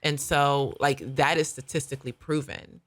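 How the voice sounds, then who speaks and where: Low-voiced woman co-host, laughing easily. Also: steady tone, a bit bright. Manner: conversational, quick to laugh, agreeable. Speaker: podcast co-host. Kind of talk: casual faith podcast chat.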